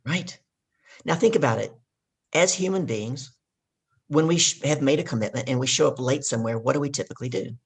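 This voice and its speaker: A woman's voice: a bass voice, fairly quick, slightly rough. A woman guest and life coach telling a coaching story with energy, hammering home her key points. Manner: emphatic, repeats key points.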